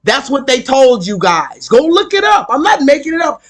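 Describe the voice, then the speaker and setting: A man's voice: very high-pitched, very animated, moderate pace, fairly bright tone. A man streaming live, delivering a heated, profane rant to his viewers and repeating his points for emphasis. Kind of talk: ranting live stream monologue.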